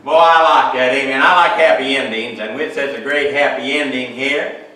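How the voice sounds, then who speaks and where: A pastor preaching in a church sanctuary, his bright, forceful voice bouncing off the walls. He is recorded from some distance, so the room's echo is strong around every phrase. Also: on the high side. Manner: reads scripture aloud, then preaches with frequent amens and hallelujahs. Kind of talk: sermon. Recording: echoey church hall, mic far off.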